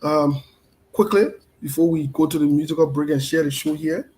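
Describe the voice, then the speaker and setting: Guy running a live show, a bit high pitched, keeps shouting out viewers' names. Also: normal speed, low-quality recording. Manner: repetitive, greets viewers by name. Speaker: show host. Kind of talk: casual live-stream talk.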